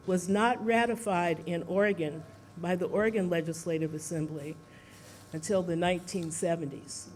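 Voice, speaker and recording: A speaker giving an informal talk at a seminar, out of breath, pausing often on fillers and putting questions to the audience. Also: medium pitch, fairly even intonation, a little hiss or hum. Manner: halting, many fillers, asks the audience questions.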